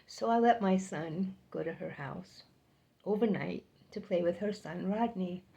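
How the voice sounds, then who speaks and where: A woman's voice: lowish voice, measured pace, vocal fry, warm tone. An older woman telling a personal story to the camera, chatty and repeating words for emphasis. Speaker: vlogger.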